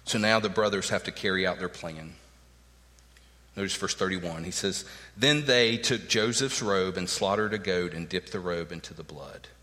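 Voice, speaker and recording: A man's voice: low-pitched, moderate pace, sharp tone, long reverb tail. A man preaching a sermon, emphatic and earnest, acting out the words of the people in his text. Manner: emphatic preaching, acts out quoted lines. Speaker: pastor.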